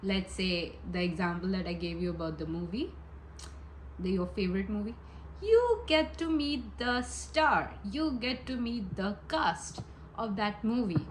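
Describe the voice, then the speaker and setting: A woman's voice: mid-range voice, animated, unhurried, slight background noise, rough recording. A woman giving a casual pick-a-pile tarot reading, chatty and giggly, rambling with many asides. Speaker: tarot reader.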